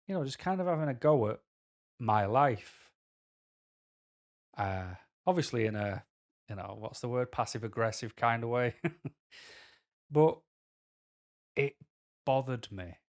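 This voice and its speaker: A man's voice: medium pitch, expressive, a little slow, pauses often. Candid Mancunian man rambling on camera. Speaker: vlogger. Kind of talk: personal talking-to-camera monologue.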